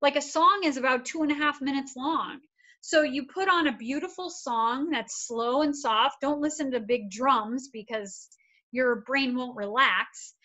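A woman's voice: high-pitched, bright, forceful tone. A woman therapist giving a casual, upbeat wellness workshop, encouraging and repetitive. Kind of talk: casual instructional talk.

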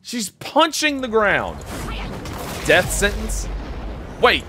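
A young man hosting a reaction video, excitedly shouting, swearing and laughing as he watches. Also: mid-range voice, moderate pace, slight background noise.

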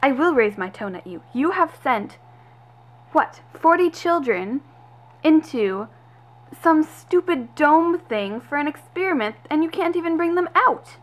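A woman's voice: on the high side, normal speed, fairly bright tone. A woman voicing a fed-up female lab assistant who talks in a raised, indignant way, in amateur doll-video voice acting.

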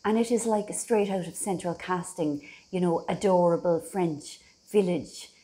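A woman's voice: lowish voice, unhurried, mellow. Irish woman in her middle years, rambly and self-mocking, chatting into her phone on holiday. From Ireland. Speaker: vlogger. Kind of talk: casual chat to camera. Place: holiday house indoors.

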